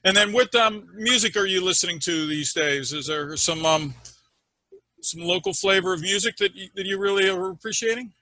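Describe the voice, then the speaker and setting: A man interviewing a guest, asking halting questions and searching for words with many ums. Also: high-pitched, sharp tone, dry recording, poor audio.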